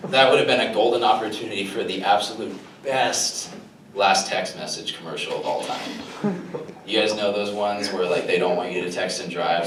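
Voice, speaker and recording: A young man performing a self-deprecating stand-up comedy set to a live crowd, often chuckling at his own jokes. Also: deep voice. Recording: roomy live recording from a distant mic with room noise.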